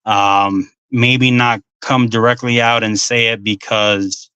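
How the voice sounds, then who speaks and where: A man's voice: lowish voice, flat delivery, slow pace, bright, forceful tone, clear, resonant tone, no echo. A man hosting a talk show, reading passages aloud and adding casual asides with frequent ums. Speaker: podcast host.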